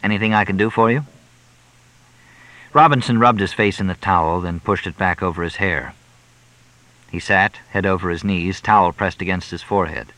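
Low, bright male audiobook narrator. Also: moderate pace, dry recording, low-quality recording. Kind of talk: scripted narration of a crime novel.

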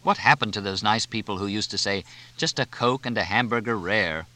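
A man voicing a sarcastic, haughty waiter with arch, drawn-out, mock-formal delivery. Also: fairly low pitch, pushed and bright. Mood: weary.

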